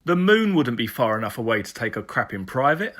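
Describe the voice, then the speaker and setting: Bloke doing a welsh cop sergeant, teasing and crude, lively bright voice. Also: male voice, mid-range voice, fairly quick. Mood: joking. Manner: teasing, blunt. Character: Welsh male police sergeant, jokey and crude.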